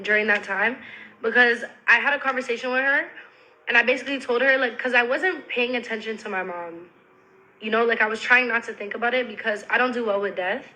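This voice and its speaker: A woman's voice: a little high, bright, forceful tone, rough recording. A young woman telling a personal story to the camera in a casual, rambling, candid way, blunt and full of slang and swearing.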